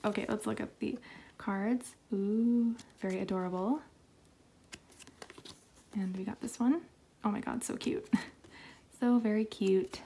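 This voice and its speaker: A young woman chatting casually while unboxing K-pop albums, excitable and talkative, with lots of fillers and little laughs. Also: mid-range voice, measured pace, vocal fry, long pauses, slight background noise. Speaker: K-pop album haul vlogger.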